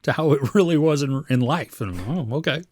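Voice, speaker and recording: His voice sits fairly high and runs a little fast as he co-hosts a podcast, casually discussing a series he watched and searching for words as he talks. The studio sound is clean, with no echo.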